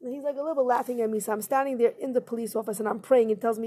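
Woman, high voice, earnest personal storytelling, emotional, conversational. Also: steady tone, very fast, warm tone, slightly rough. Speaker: vlogger.

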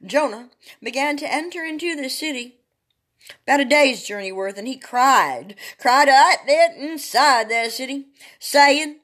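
A woman reading Bible chapters aloud in a sing-song, drawn-out dramatic way, breaking off for chatty asides to her listeners. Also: high voice, animated, a bit bright. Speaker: Bible reader.

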